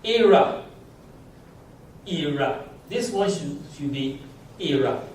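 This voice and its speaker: Slow-talking man teaching in an echoey room. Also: a little high, expressive, a little mellow, a little hiss or hum. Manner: slow, patient explanations with frequent chuckles. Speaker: language teacher. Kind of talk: teaching a class. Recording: very echoey room, mic far off.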